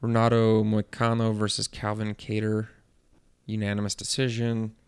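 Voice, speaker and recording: A man's voice: lowish voice, monotone, normal speed, clean tone. A man in casual chat, curious and blunt, asking many questions and reading out results.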